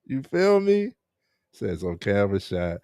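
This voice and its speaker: A man's voice: lowish voice, sing-song, a little slow, darkish tone, clean tone, dry recording, clean studio sound. A man hosting a casual live-streamed interview, chatting with viewers and laughing often. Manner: laid-back, laughs often, chats with viewers.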